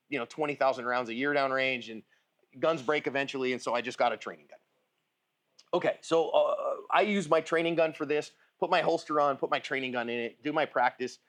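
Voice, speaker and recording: This man's voice sits a little high and has a fairly bright tone. He's teaching firearms at a shooting range in a loose, chatty manner, regularly asking his listener "right?" or "okay?"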